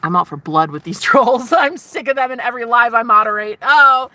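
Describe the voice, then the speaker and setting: A woman hosting her own livestream, rambling dreamily and swinging from giggly to hushed. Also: fairly high pitch, animated, a little fast. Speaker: livestream host. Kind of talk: rambling live-stream chat.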